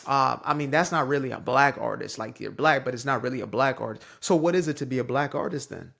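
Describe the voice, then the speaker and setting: A young man from the San Francisco Bay Area delivers a casual, emphatic, preachy opinion monologue as a commentator. His mid-range voice is fast, pushed and bright, with vocal fry.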